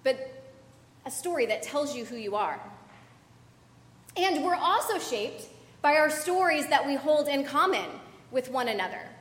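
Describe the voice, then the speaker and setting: High-voiced woman preaching in echoey church. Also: expressive, unhurried, pauses often, a bit bright. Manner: conversational, chatty with fillers and audience asides. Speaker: pastor. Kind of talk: sermon. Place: church sanctuary.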